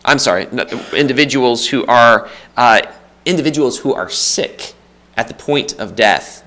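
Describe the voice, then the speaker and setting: A man's voice: medium pitch, unhurried. A man from the United States preaching a sermon in a conversational way, building emphasis through repetition. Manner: lively, rising for emphasis, repeats phrases; conversational with restarts and light laughs.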